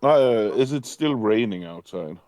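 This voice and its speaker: Brief: male tabletop player, slow and hesitant, dry sound. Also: on the low side, expressive, a little mellow, no room sound, soft background music. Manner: hesitant, with many fillers. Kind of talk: narrating his character's actions.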